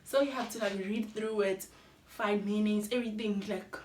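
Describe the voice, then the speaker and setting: A woman's voice: medium pitch, steady tone, normal speed. Young South African woman, Xhosa-speaking accent, chatty confessional vlogger, roomy echo, faint hiss. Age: young adult. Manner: candid, chatty, mixes in Xhosa phrases, laughs between sentences. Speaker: YouTuber. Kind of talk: personal storytelling vlog.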